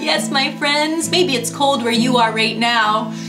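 A woman's voice: sits high, measured pace, reverberant. A woman teaching a children's music lesson, cheerful and coaxing, talking straight to young kids. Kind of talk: kids' sing-along lesson.

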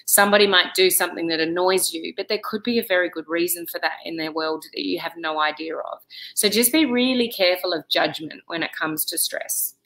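A woman's voice: on the low side, fairly quick, fairly bright tone, low-quality recording. Chatty woman giving stress advice. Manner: chatty, direct, with many "you know"s. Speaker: vlogger giving life advice. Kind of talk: casual advice monologue to camera.

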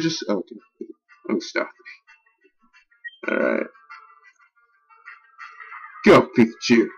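A young man giving casual gameplay commentary, excitable and easily frustrated, swearing and yelling at his game. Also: medium pitch, slow pace, pauses often, soft background music, low-quality recording. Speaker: let's play gamer.

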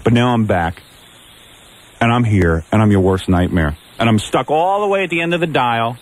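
A man's voice: mid-range voice, expressive, normal speed. A man in his thirties hosting morning radio, ranting and taunting a rival with brash, mocking insults. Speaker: radio host.

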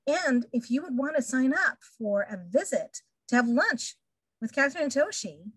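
Enthusiastic woman host, kinda high voice, dry sound. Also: sing-song, moderate pace, a bit bright, husky, no room sound. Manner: enthusiastic, gushing. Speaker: interview host. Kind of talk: casual interview.

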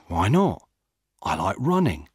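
A man's voice: sits low, huge pitch swings, slow pace, husky, dry recording, clean studio sound, exaggerated voice. A man reading the part of a young male jogger, defensive and indignant.

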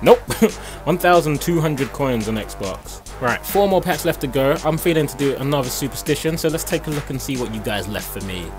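A young man commentating a game pack opening, excitable and foul-mouthed, breaking into shouts. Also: medium pitch, normal speed, music in the background. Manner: excitable, swears freely, bursts into shouting. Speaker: gaming YouTuber.

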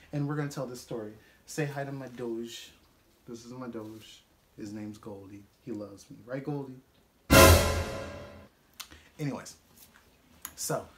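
A young man telling a casual storytime vlog, profane and animated, laughing often as he talks. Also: mid-range voice. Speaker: vlogger.

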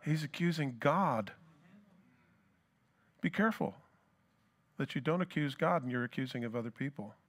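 A man's voice: mid-range voice, expressive, normal speed, long pauses. A pastor preaching a sermon who asks his congregation rhetorical questions and acts out scripture dialogue.

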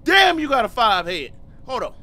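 A man's voice: extremely high pitch, very animated, normal speed, bright, forceful tone. A man doing casual let's-play commentary, slangy and joking, reading game text aloud and riffing on it with plenty of swearing. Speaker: gaming YouTuber.

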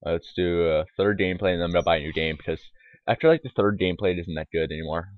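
A gaming YouTuber rambles through casual let's-play commentary, mumbling asides packed with fillers. His low voice moves very fast, captured dry on a tinny, lo-fi desktop microphone.

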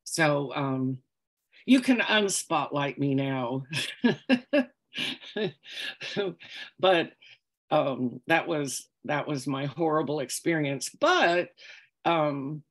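A woman's voice: deep voice, big pitch swings, extremely slow, pauses often. A woman calligrapher telling an anecdote during a lecture, in a chatty, meandering way with frequent ums and laughs.

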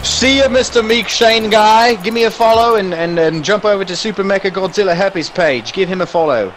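A young man streaming a car soccer game, chatting casually with crude jokes and shouting at plays. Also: high-pitched, fairly quick, slight background noise, rough recording.

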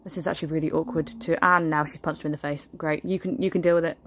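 A woman's voice: deep voice, steady tone, quick pace, slight background noise, lightly acted. A woman playing a haughty aristocratic mother stuck at a children's party, muttering snobbish, grumbling asides. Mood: disdainful. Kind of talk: comic sketch monologue.

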